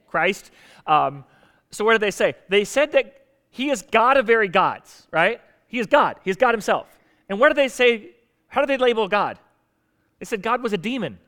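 A man's voice: high voice, a bit bright. A man preaching a conversational sermon, emphatic, with rhetorical questions and repetition.

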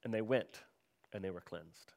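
A man's voice: lowish voice, moderate pace, creaky, darkish tone. A man preaching a sermon in a conversational way, often turning to ask the congregation questions. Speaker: pastor.

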